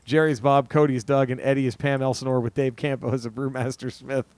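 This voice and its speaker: Fast-talking man reading listener mail. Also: mid-range voice, level tone, darkish tone, smooth, dry recording. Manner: crude, jokey, laughs while reading. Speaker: podcast co-host. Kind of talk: reading listener submissions aloud.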